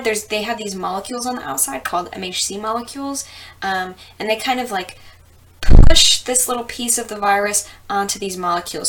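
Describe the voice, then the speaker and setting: A woman's voice: medium pitch, a bit bright. A young woman from the US Midwest who explains science in a casual, chatty way, with lots of ums and plenty of swearing. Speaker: host.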